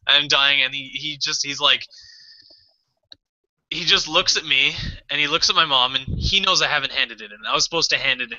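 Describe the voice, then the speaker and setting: A man co-hosting a podcast, telling a personal story in casual chat, animated and swearing often, acting out his own past panic. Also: mid-range voice, fairly quick. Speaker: podcast co-host. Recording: dull lo-fi podcast audio.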